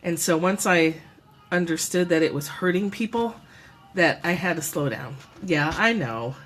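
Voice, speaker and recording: A woman's voice: fairly low pitch, expressive, unhurried, faint music behind. A woman hosting a casual live stream from home, musing aloud, correcting herself and laughing easily. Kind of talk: casual reflective chat. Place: home room. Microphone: propped-up phone or camera.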